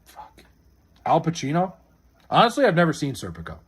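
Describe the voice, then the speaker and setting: A man's voice: a little high, wildly swooping pitch, fairly quick, a bit bright, husky. A young man streaming live, chatting casually and bluntly with his chat, swearing a lot as he answers their questions.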